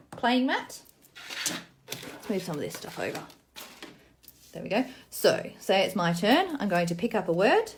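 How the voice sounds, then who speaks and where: A woman walks through phonics card games in a relaxed, chatty tutorial. She sounds words out letter by letter before reading them whole, then explains the rules briskly. Her voice sits at an ordinary middle pitch. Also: a little hiss or hum. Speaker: teacher demonstrating literacy games. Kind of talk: casual tutorial demonstration.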